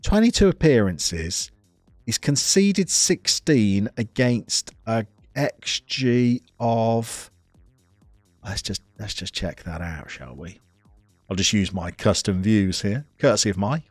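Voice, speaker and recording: A man's voice: on the low side, animated, slow pace, no room sound, soft background music. A man streaming a football management game, chatting casually and reading out chat messages as he goes. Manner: chatty, reads chat aloud, self-interrupting.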